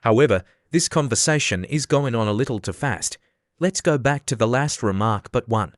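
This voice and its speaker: A haughty, touchy egg man, voiced by a man reading an audiobook. He lectures and quibbles in a self-important way, at a middle pitch. The sound is dry and close, with no room around it. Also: dry recording, lightly acted. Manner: haughty, argumentative and quick to take offence.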